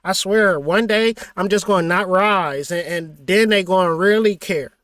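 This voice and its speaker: A man's voice: high voice, moderate pace, fairly bright tone, clear, resonant tone, no room sound, clean studio sound. The sun as a sulky grumbler, put on by a man. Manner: whiny, grumbling aggrieved rant. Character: the sun as a sulky, self-pitying complainer.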